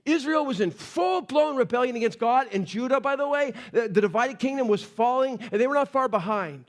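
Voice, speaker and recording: A male pastor preaching a sermon in a conversational storytelling way, often dropping to a quiet, earnest tone for emphasis. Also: very high-pitched, animated, brisk.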